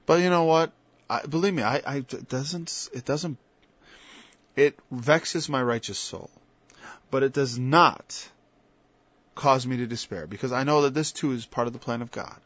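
A man preaching an informal sermon, moving from quiet asides to loud, emphatic passages and quoting scripture in old-fashioned wording. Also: mid-range voice, unhurried, pauses often, dry recording. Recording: dull, lo-fi sound.

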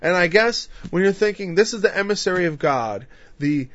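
A man's voice: high voice, animated, normal speed, a bit bright, no echo, lo-fi sound. Casual male Bible teacher, dry sound. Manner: casual, acts out quotes in voices. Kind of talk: conversational sermon.

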